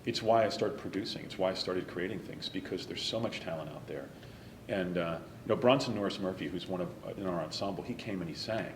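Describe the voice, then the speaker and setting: Deep-voiced earnest male stage actor. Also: fairly quick, reverberant, noisy background. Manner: earnest and emotional, some lines softly whispered. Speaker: interview guest, stage actor. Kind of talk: reflective interview talk.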